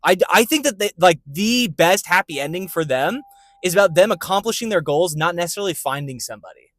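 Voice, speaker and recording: Male podcast co-host, high bright voice, very expressive, dry close sound. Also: quick pace, dry recording. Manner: animated storytelling, acts out scenes. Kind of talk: casual chat.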